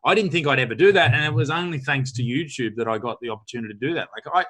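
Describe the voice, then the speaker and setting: Australian host, young adult, bright forceful tone, blunt and sweary. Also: male voice, mid-range voice, racing. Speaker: podcast host, comedian. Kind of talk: casual chat.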